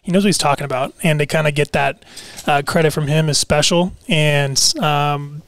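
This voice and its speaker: A man's voice: a little high, steady tone, moderate pace, fairly bright tone, no echo. A man in his twenties from Seattle, a basketball player talking as a guest in a casual interview, laid back and full of fillers.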